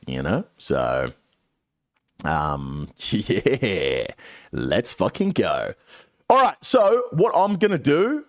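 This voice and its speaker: A man in his late twenties, a streamer telling a story to his chat in a casual, animated way, swearing often. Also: fairly low pitch. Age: 20s. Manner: animated, swearing a lot, dramatic retelling.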